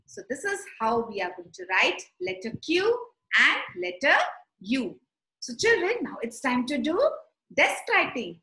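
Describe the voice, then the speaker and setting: A woman teaching young children, telling a story and guiding letter writing in a slow, sing-song, animated way. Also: on the high side. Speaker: preschool teacher. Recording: echoey room.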